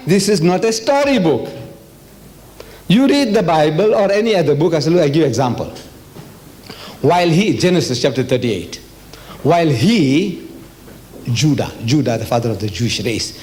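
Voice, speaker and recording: Emphatic older man from South Africa lecturing. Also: fairly high pitch. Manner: emphatic, animated storytelling with questions to the audience. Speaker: religious lecturer. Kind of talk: public lecture.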